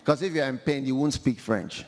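A male preacher giving an animated, humorous sermon, acting out scripture in a large hall. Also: mid-range voice, brisk, a crowd in the background, noisy background. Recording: long hall reverb.

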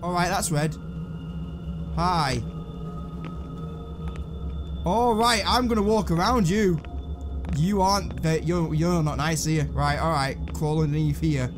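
A man's voice: on the high side, a little slow, pauses often, music in the background. A man giving jumpy, sarcastic, swearing commentary while playing a horror video game. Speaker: gaming channel host.

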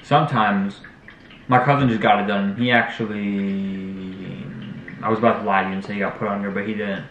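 A man in his twenties chatting casually with his fiancée, mostly giving relaxed short replies. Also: on the low side, moderate pace, dull audio. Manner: laid-back, short replies. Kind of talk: casual chat. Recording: echoey room, faint noise.

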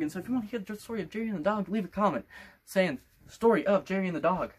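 Vlogging casually to camera, a teenage boy of sixteen rambles and plays around in a loose invented accent. He speaks rapid-fire in a high, husky voice.

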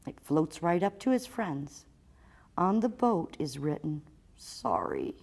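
Woman librarian, storytime read-aloud, low voice, unhurried. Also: husky. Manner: expressive, slow storytelling. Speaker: children's librarian.

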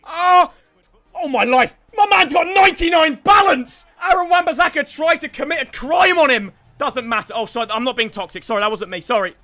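A young man commentating his own football video game matches, hoarse from yelling celebrations. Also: extremely high pitch, animated, a little fast, faint music behind. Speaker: gaming YouTuber.

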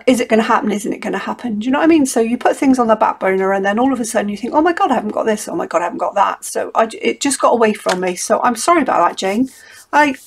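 Chatty woman at her craft desk. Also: medium pitch. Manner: chatty, rambling, self-interrupting. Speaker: craft vlogger. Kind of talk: casual chatty craft tutorial.

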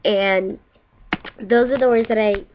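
A young woman from the United States chats to her webcam in a slow, rambling, offhand way. Her mid-pitched voice comes through a dull, lo-fi computer mic. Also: steady tone, slight background noise. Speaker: vlogger. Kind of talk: casual chat to camera.

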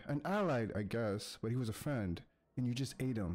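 A man from the United States giving excitable gameplay commentary, talking to the characters on screen and chanting quick urges to keep going. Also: medium pitch, over loud music. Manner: excitable, talks to the game characters, chants urgent repeats. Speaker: gaming YouTuber.

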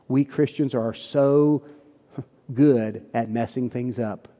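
A man's voice: medium pitch, fairly even intonation, slow pace, mellow. A man preaching a sermon as pastor, telling a story in earnest, folksy phrasing. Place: church sanctuary. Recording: long church hall reverb.

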